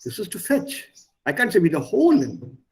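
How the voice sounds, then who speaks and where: A man's voice: high-pitched, huge pitch swings, normal speed, darkish tone, slightly rough, rough recording. A man teaching German in an online class, explaining patiently and repeating words and stresses for his learners. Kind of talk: online language lesson.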